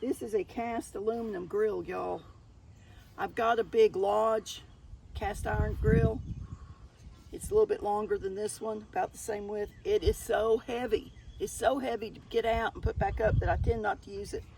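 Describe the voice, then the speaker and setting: Older southern lady showing off her thrift haul, gravelly voice, folksy and chatty. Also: medium pitch, fairly even intonation, normal speed, darkish tone, a little hiss or hum, low-quality recording. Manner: chatty and folksy, keeps calling the viewers y'all. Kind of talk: casual show-and-tell haul.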